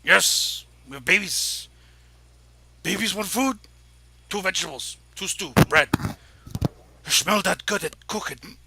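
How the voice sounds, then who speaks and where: A man's voice: high voice, a little slow, creaky, pauses often, very noisy, voice pushed up. A man voicing a gigantic orc woman, an innkeeper's wife who talks in blunt, broken phrases. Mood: boisterous. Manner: blunt broken speech, loud.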